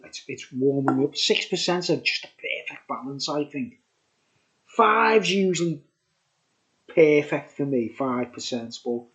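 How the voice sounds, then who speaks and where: A man's voice: medium pitch, a bit bright. A man casually reviewing a beer on his vlog, chatty and enthusiastic, rambling with laughs. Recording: dull lo-fi recording.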